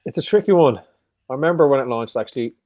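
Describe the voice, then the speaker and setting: A man hosting a casual live quiz, joking around and repeating each question slowly. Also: mid-range voice, animated, a little mellow, no echo. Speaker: quiz host.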